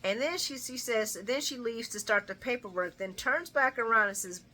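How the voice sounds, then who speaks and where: A woman hosts a chatty, casual daily soap opera recap, addressing listeners familiarly as she retells scenes and laughs along while acting out the dialogue. Her fairly high voice is pushed and bright, at a moderate pace.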